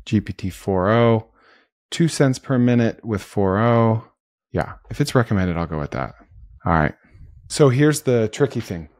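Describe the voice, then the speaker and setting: A man's voice: lowish voice, darkish tone, no echo, studio quality. Upbeat man walking through a tutorial. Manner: upbeat, talks through each click. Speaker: host. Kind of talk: screen-recorded tutorial narration.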